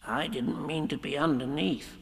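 A man voicing a very small, timid young piglet in a squeaky, trembling, hesitant voice for a storybook reading. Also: sing-song, takes it slowly, full character voice. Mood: sad, nervous. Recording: long hall reverb.

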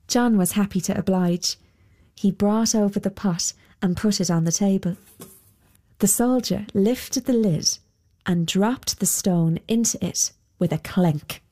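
A woman reading a folk tale aloud in a measured storytelling voice. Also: mid-range voice, dark tone. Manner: slow and measured.

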